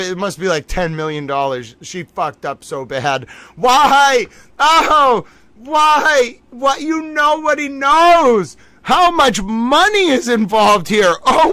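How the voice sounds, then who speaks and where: A man's voice: sits high, bright, forceful tone, dry recording. A man hosting a livestream, thinking aloud, exclaiming and laughing as he reacts live to news. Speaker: livestream host. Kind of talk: excited live reaction commentary.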